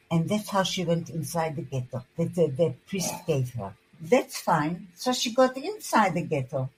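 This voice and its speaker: An older woman in her eighties from Hungary, giving personal testimony in an interview, halting and restarting her words often. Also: lowish voice, slight background noise, rough recording.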